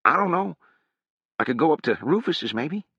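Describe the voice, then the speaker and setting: A man doing Harrogate, a high whiny country boy. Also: sing-song, moderate pace, sharp tone, husky, no echo, heavily acted. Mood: fretful. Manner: high, plaintive, fretful. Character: skinny scared young country boy, whiny. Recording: dull, dry sound.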